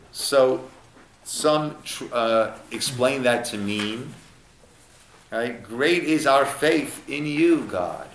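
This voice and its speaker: A man teaching as a rabbi in an informal class, speaking slowly with a fairly high voice. He acts out small scenes as he goes. The room gives his voice a roomy echo. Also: expressive, fairly bright tone, slight background noise. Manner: unhurried, acts out little dialogues. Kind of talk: informal text study lesson. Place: echoey room at a lunch study group.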